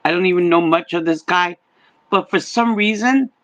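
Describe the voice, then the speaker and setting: An older woman giving a psychic reading, talking in halting stops and restarts. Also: fairly low pitch, fairly bright tone, highs cut off. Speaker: psychic medium.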